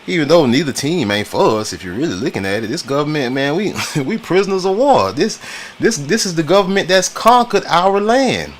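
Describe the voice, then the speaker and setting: A man's voice: a little high, very animated, a little fast, a little hiss or hum. Slangy man hosting a talk stream. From United States. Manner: slangy, repetitive, greets chat viewers between points. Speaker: livestream host. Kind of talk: casual political talk stream.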